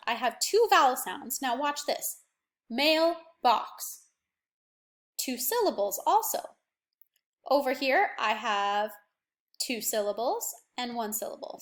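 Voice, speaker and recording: A young woman with a fairly high voice teaches a remote phonics lesson to children. She is patient and encouraging. She sounds words out slowly, bit by bit. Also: fairly bright tone. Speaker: primary school teacher.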